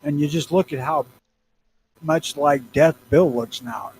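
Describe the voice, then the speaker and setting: A man's voice: on the high side, measured pace, darkish tone, a little hiss or hum, low-quality recording. A middle-aged man from Missouri with a Southern accent, rambling crudely and profanely as a podcast co-host. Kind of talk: casual chat.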